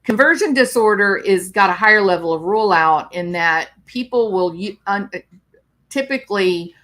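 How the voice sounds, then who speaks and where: A woman's voice: medium pitch, expressive, normal speed, fairly bright tone. A woman psychologist talking on a live stream, explaining clinical topics and answering viewer comments.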